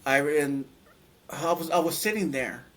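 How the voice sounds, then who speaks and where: Brief: middle-aged man, slightly high voice, halting casual storyteller full of fillers. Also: a bit bright. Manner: halting, many fillers and restarts. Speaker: interview guest.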